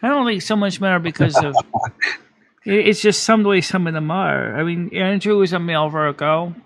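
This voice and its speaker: A man's voice: sits high, normal speed, gravelly, a bit bright. A man hosting a live stream in casual chat, rambling with many restarts and self-corrections.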